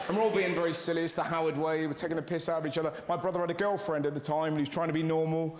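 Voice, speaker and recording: A male stand-up comedian telling stories in an animated way, acting out the people in them. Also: fairly high pitch, heavy background noise. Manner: animated storytelling, acting out characters in quick voices. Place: large theatre on stage. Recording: echoey theatre, loud crowd laughter. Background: audience laughing.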